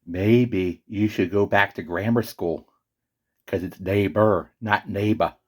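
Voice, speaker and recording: Man playing a slow-talking know-it-all, low-ish voice, lectures. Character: fussy pedantic male character. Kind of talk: comedy skit.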